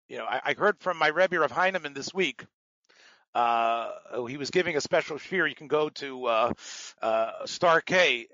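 Man, Talmud teacher, slightly raised pitch, rambling patient explanations, dull dry sound. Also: pushed and bright, no room sound. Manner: digressive, explains terms patiently, many fillers. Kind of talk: lecture with asides.

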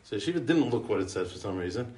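An American man rattles through a eulogy of anecdotes in an animated, fast, lowish voice with a darkish tone. He leans on Yiddish and Hebrew yeshiva words, chatting and rambling with chuckles and restarts. A distant mic captures a roomy sound with slight background noise.

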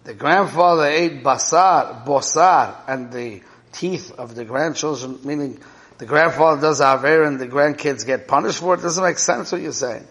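A man with a mid-range, slightly bright voice speaks at a normal speed while teaching a Torah class and explaining a parable. He keeps checking in with his listeners, asking "right?" and "okay?", and the recording has the echo of a reverberant hall.

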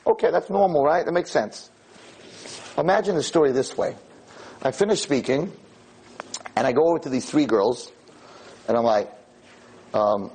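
A man, a rabbi, giving a Torah lecture full of stories, acting out dialogue and building to near-shouted emphasis. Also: medium pitch, animated, a little fast, gravelly, breathy edge.

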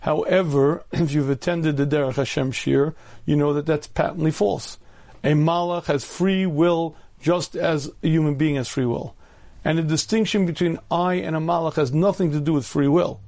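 A man in his fifties, a rabbi giving a storytelling Torah lecture, often clearing his throat and using humor. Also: on the high side, fairly even intonation, moderate pace, a little mellow. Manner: humorous, acts out voices in anecdotes.

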